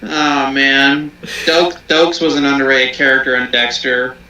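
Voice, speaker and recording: Male co-host, animated storyteller, bright tone, roomy sound. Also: mid-range voice, measured pace, recorded from a distance. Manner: animated, profane, acts out quotes. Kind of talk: casual chat, storytelling. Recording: echoey room, faint music behind.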